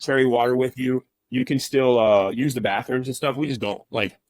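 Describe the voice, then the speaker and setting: A man's voice: medium pitch, normal speed, dry recording. A man in his thirties chatting casually on a podcast, telling a funny story with lots of laughter. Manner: animated storyteller, laughing often. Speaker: podcast guest. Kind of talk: casual chat.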